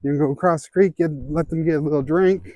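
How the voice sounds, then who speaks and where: A man's voice: fairly high pitch, fairly even intonation, fast talker, dark tone, no room sound. A man with an Ozark Southern accent, chatting easily to viewers while hiking an outdoor trail on a handheld camera, a little out of breath from the climbs. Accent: Ozark Southern American. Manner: chatty, easygoing, talks to viewers while walking. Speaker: hiking vlogger. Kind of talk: casual walking vlog.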